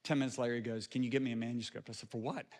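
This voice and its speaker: A middle-aged male preacher telling stories in a sermon, animated, moving from hushed asides to near shouts. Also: mid-range voice, racing. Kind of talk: storytelling sermon. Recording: long reverb of a large hall.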